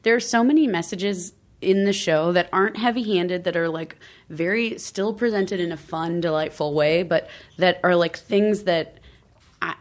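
A woman's voice: fairly low pitch, moderate pace. A woman guest in a casual podcast chat, playful and jokey, with frequent "like" fillers and laughter. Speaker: guest, comedic performer.

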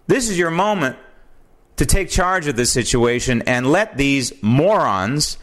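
A man's voice: mid-range voice, sing-song, measured pace, a bit bright. Indignant American man ranting on air. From United States. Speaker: talk show host. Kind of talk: political commentary monologue. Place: home studio. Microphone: studio mic with old headphones.

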